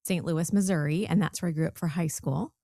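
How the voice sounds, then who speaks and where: A woman in her forties, from the American South, chats as a podcast guest in a slightly low voice. She tells her story freely and laughs easily. The recording is dry and close. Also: fairly quick, creaky, no room sound. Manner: chatty, warm storytelling with laughs. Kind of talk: casual interview chat.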